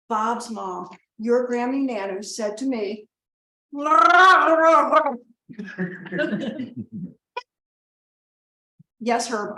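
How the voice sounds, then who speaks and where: A woman playing a rambling, slow-talking mother at a toast. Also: a little high, a bit bright, slight background noise, exaggerated voice. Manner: rambling, interrupting herself to scold and coax family members. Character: rambling, self-deprecating middle-aged mother of the bride. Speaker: mother giving a wedding toast. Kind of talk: comedic monologue. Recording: roomy echo.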